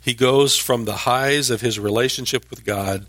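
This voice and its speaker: A man's voice: mid-range voice, normal speed, a bit bright, no room sound. A man teaching scripture verse by verse. He explains as he goes, restarting some words and lifting his voice for emphasis. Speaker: Bible teacher.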